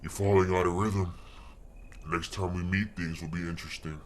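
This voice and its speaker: A man voicing a grim, menacing stranger with a deep, slow drawl. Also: steady tone, natural voice. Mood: ominous.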